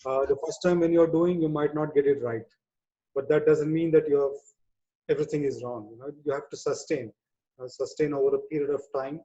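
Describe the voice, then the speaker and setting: A man talking a webinar audience through a topic in a loose conversational way, leaning on "you know" as he goes. His voice sits somewhat high but dark and mellow. The sound is muffled and lo-fi, like an online call. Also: steady tone, a little fast. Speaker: webinar speaker on people management. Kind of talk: webinar talk.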